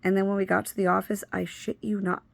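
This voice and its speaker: Blunt woman with a gravelly voice. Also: medium pitch, level tone, quick pace, no echo. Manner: candid and blunt, swears freely. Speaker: vlogger recounting a personal story. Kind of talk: casual personal storytelling.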